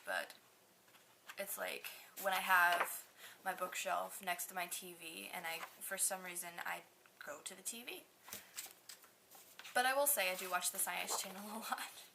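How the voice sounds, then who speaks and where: Gravelly-voiced nineteen-year-old woman vlogging. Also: fairly low pitch, fairly even intonation, normal speed, sharp tone, a little hiss or hum. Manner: chatty and rambling, self-mocking. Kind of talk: casual vlog talk to camera.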